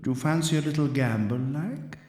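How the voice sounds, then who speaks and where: Guy doing a saucy little gambling trader, highish voice, echoey. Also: fairly quick, a little mellow, a little hiss or hum, close to an everyday voice. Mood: cheeky. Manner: cheeky and wheedling. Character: cheeky gambling trader, male. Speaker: game character. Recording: echoey game dialogue.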